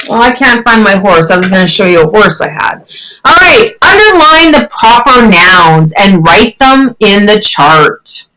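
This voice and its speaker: Animated, bright-voiced woman teacher. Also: poor audio. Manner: encouraging, chatty, questions with rising pitch. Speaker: online English teacher. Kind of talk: one-on-one online lesson.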